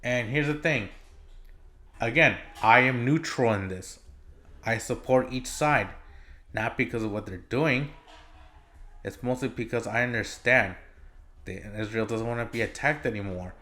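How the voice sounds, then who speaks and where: A man's voice: medium pitch, unhurried, pauses often, bright, forceful tone. A man hosting his own solo podcast, ranting in an exasperated, casual way with lots of swearing and filler words. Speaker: podcast host.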